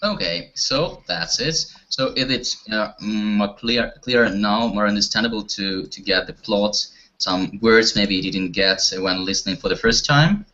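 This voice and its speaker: A man's voice: fairly low pitch, a little slow, pushed and bright. A man teaching an online English class, talking hesitantly with many fillers and restarts. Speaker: language teacher. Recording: dull lo-fi audio.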